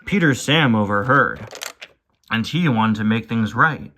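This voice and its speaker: Bright, jokey male narrator. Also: medium pitch, lively intonation, normal speed, a little hiss or hum. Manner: offhand, jokey. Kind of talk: casual parody storytelling.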